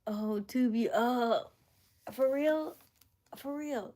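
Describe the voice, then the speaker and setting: A young woman chatting casually on a live stream, laughing often and dropping into soft whispered asides as she reacts to chat. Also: a little high, sing-song, unhurried, pauses often.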